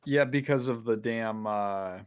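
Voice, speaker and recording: A man's voice: medium pitch, unhurried, clear, resonant tone. A man guesting on a casual gaming stream, making dry joking asides. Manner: dry jokey asides, laughs at his own bits.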